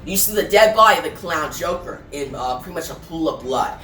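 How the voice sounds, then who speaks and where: A man's voice: on the high side, expressive, brisk, pushed and bright, soft background music. A man casually recapping and reviewing a comic book, talking loosely with many fillers. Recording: echoey room, from far off.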